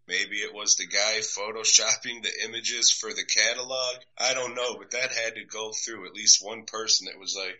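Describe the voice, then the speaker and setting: A man's voice: lowish voice, fairly even intonation, moderate pace, few pauses, pushed and bright, dull audio. A man in his thirties from the United States hosting a casual podcast chat, crude and mocking, swearing freely. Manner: crude, profane, mocking, acts out quoted voices. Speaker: podcast host.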